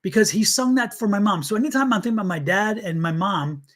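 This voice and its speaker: High-voiced man hosting a chatty livestream. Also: fast, fairly bright tone. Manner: earnest, blunt and chatty, addressing viewers directly. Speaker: tarot reader and livestream host. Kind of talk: casual live stream talk to viewers.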